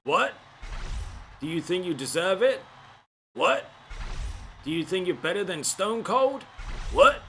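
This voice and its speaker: A man's voice: high-pitched, sing-song, measured pace, pauses often, fairly bright tone, soft background music, exaggerated voice. A man putting on the voice of an ornery male wrestler who barks taunting questions.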